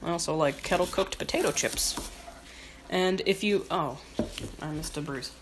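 A woman's voice: low-pitched, moderate pace. A woman chatting casually while she cooks at home, rambling and swearing with self-mocking humor. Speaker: home cook. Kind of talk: casual chat while cooking. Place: home kitchen. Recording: kitchen noise with knife chopping.

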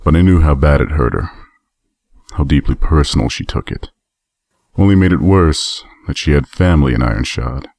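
A man's voice: extremely low pitch, animated, moderate pace, vocal fry, darkish tone, no echo, clean studio sound, heavily acted. A man playing a battle-worn armored stallion soldier who talks in a weary, matter-of-fact way. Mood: grim, reminiscing. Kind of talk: audio drama acting.

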